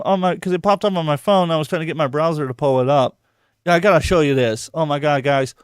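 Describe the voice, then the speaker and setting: A man hosting a loose, profane podcast chat, talking in a fairly high voice that jumps up when he gets worked up. He repeats words as he rushes to make a point. The recording is dry and close. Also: smooth, no room sound. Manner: excitable, swears a lot, repeats words. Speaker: podcast host.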